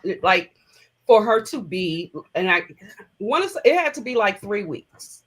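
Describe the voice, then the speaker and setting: A woman's voice: medium pitch, lively intonation, normal speed, rough recording. A middle-aged woman telling a personal story as an interview guest, conversational and emotional, with many fillers.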